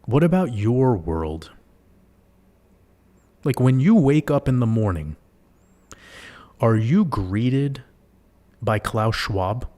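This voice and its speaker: A man's voice: medium pitch, sing-song, slow pace, pauses often, warm tone. A man hosting a livestream, talking casually and animatedly to his viewers, swearing and firing off rhetorical questions. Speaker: livestream host.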